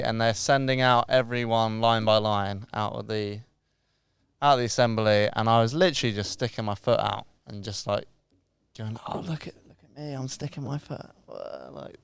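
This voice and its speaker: Gravelly man telling stories. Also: lowish voice, steady tone, normal speed, no echo. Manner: sweary, self-mocking storyteller. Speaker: podcast co-host. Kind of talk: casual chat.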